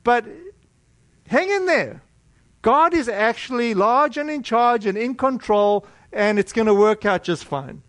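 A middle-aged American man preaching a sermon, telling a personal story in a conversational, animated way with many restarts. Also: extremely high pitch, a little slow, no echo.

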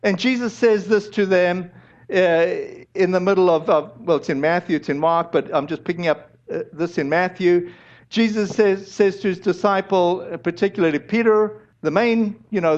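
A man preaching a sermon as a pastor, speaking in a conversational way with restarts and fillers, and closing in prayer. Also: high voice. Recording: dull lo-fi recording.

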